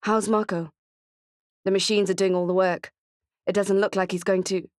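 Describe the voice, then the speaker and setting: A woman voicing Kate, a shaken, exhausted mother who speaks quietly and haltingly, in a thriller audiobook. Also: medium pitch, level tone, no echo, studio quality, lightly acted.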